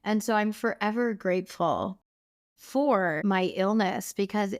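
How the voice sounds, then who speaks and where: A woman's voice: medium pitch, a little slow. A woman guest telling her personal story in an earnest, passionate way, her voice lifting with emotion. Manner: earnest and passionate, voice rising with feeling. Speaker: guest, wellness clinic founder.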